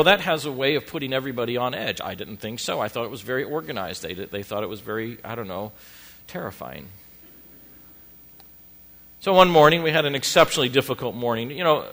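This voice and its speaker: A man's voice: medium pitch, vocal fry. A middle-aged male pastor telling a funny story in a sermon, self-deprecating and playful, speaking to his congregation. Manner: animated, self-deprecating, acts out family scenes. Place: church congregation.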